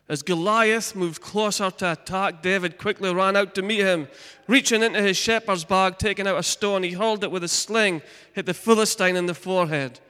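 A male pastor preaching a sermon, reading scripture and telling the story with lively asides to the congregation. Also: high-pitched, moderate pace, smooth, long reverb tail.

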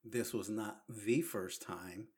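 A man's voice: lowish voice, takes it slowly, darkish tone. A man co-hosting a casual chat, teasing his partner with dry humor and frequent laughter.

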